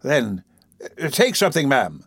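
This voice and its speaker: Male reader playing a self-important storybook beadle, grave and blustery, mid-pitched, dry close sound. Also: big pitch swings, a little slow, gravelly, fairly bright tone, slightly rough, dry recording, heavily acted. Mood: soothing.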